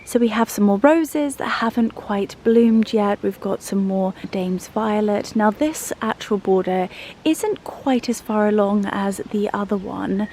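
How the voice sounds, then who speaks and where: A British woman giving a casual garden tour as a vlogger, gushing and often dropping to a soft whisper, outdoors. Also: mid-range voice, unhurried, slight background noise. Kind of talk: casual vlog narration.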